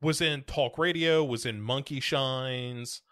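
A man's voice: mid-range voice, takes it slowly, sharp tone. An American man co-hosting a podcast, chatting casually and rambling with many fillers and restarts. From United States. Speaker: podcast co-host. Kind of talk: casual chat.

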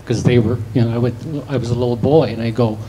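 A man's voice: mid-range voice, flat delivery, fast, mellow, a little hiss or hum, low-quality recording. A man from Minnesota speaking from the audience into a handheld microphone, talking hesitantly and restarting his sentences. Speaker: audience member. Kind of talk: halting comment from the floor.

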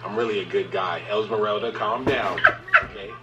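A man answering interview questions with deadpan jokes. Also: fairly low pitch, normal speed, distant mic, over loud music. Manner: deadpan, joking. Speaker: interview subject in clips.

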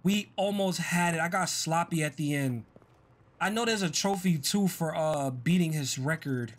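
A man giving casual, chatty commentary while playing a game, excitable and self-deprecating. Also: fairly high pitch, moderate pace. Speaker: gaming streamer.

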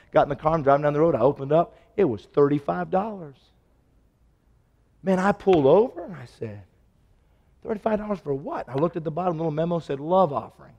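A man preaching a sermon, telling stories and acting out the dialogue, his voice swinging from loud to hushed. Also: a little high, long reverb tail, dull audio. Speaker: pastor. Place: church sanctuary.

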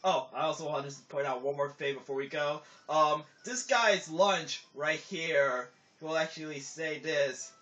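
A man's voice: fairly high pitch, measured pace, few pauses, pushed and bright. A man casually commenting on his gameplay in a slightly raised voice, rambling through explanations full of filler words. The recording is dull and lo-fi, with faint game music running behind him. His thoughts often trail off before he finishes them. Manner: rambling, filler-heavy, trails off mid-sentence. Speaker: let's play commentator.

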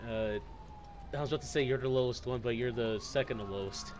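A young man chatting casually while gaming, excitable, joking and taunting his friends. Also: mid-range voice, fast talker, music in the background. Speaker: gamer. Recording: voice chat over loud game noise.

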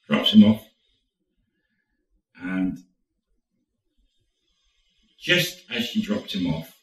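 Deep-voiced man telling a story. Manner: chatty, animated retelling. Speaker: storyteller, channel host. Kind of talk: casual storytelling. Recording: roomy, distant mic.

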